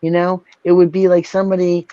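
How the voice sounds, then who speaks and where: A channel host, a woman, rants furiously on a livestream, swearing and saying the same things over and over as she vents. Her voice sits on the low side with a dark tone and little pitch movement, and she talks briskly. The recording is dull, lo-fi and dry, with no room sound.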